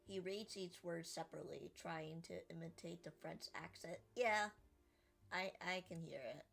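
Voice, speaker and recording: A woman's voice: lowish voice, normal speed, vocal fry, fairly bright tone. A woman streamer chatting casually and giggling with her chat while playing a game. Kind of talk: casual gameplay commentary.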